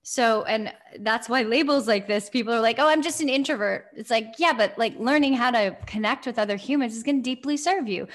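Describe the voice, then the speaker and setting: Young woman podcast co-host, effusive and emphatic, voice a bit high. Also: a little fast, few pauses. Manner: effusive, emphatic, repeats phrases. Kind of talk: casual chat.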